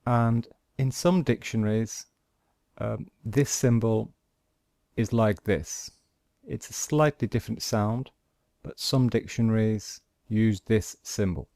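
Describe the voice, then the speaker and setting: Slow, deliberate male pronunciation teacher. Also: on the low side, creaky, darkish tone, no room sound, clean studio sound. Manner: slow and deliberate, pausing between example words. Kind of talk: slow instructional explanation.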